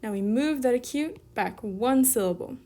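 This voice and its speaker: A young woman teaching a recorded beginner Greek lesson, casually explaining each step and sounding out words slowly. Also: fairly high pitch, expressive, warm tone.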